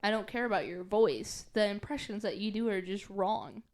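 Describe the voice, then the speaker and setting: A woman's voice: medium pitch, moderate pace. A young woman guest on a podcast, chatting casually with giggly, playful teasing. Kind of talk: casual chat.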